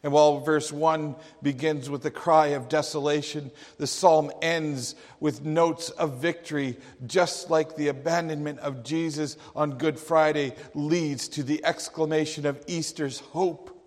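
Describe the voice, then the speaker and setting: A man preaching a sermon, slow and emphatic, with dramatic quotations. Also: a little high, fairly even intonation, darkish tone. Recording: long hall reverb.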